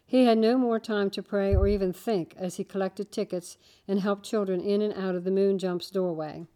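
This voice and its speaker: A woman reading a children's story aloud, with steady, gentle storytelling. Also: mid-range voice, normal speed. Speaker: narrator.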